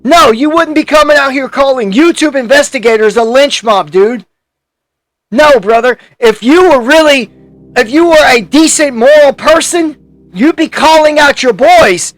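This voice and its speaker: A man's voice: very high-pitched, animated, a little slow, dry recording. A man hosting a YouTube commentary, delivering a heated, profane rant full of restarts and angry outbursts.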